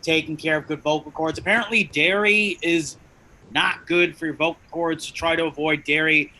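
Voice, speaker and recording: A male comedian riffs through a self-mocking stand-up bit, his voice shrill and nasal with a bright, cutting edge. He sits a little higher than most men. The talk keeps circling back to the crowd as "you guys.". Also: fairly even intonation, normal speed, slight background noise, rough recording. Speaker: comedy co-host.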